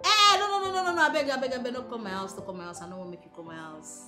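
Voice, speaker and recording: An actress playing a bossy, wealthy wife and employer with a Nigerian accent, who talks in a commanding way. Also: female voice, on the high side, racing, echoey room, music in the background, natural voice. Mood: gossiping. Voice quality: commanding, breaks into loud laughs.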